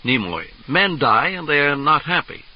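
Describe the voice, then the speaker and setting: Earnest, defensive middle-aged actor, read by a man narrator; husky, animated, on dull vintage tape. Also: on the high side, moderate pace.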